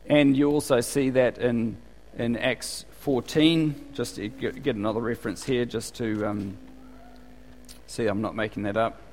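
A man's voice: lowish voice, slight background noise. A man from New Zealand with a New Zealand accent, preaching in a casual, conversational way and asking the congregation questions. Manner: chatty, asks the congregation questions. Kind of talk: conversational sermon. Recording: long reverb of a hall.

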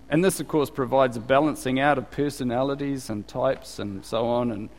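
A man from New Zealand with a New Zealand accent, preaching in a casual, conversational way and asking the congregation questions. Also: mid-range voice. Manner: chatty, asks the congregation questions. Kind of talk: conversational sermon. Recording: long reverb of a hall.

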